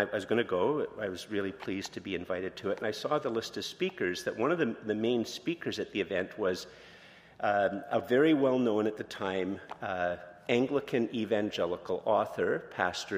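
A man's voice: on the low side, expressive, fairly quick, in a large hall. A man pastor giving a conversational sermon, telling personal stories in an informal, candid way with lots of fillers and restarts. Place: church sanctuary.

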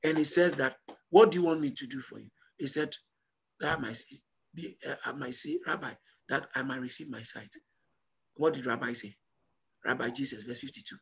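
A man preaching a sermon as pastor, emphatic and repetitive, building to loud call-and-response peaks. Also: mid-range voice, brisk, gravelly, slightly rough.

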